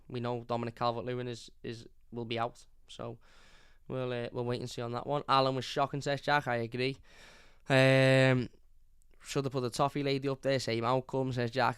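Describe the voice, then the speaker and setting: In clean studio sound without echo, a young fan-channel host reviews a match live in a clear, resonant, medium-pitched voice. Blunt and opinionated, he reads chat comments aloud and keeps repeating his points.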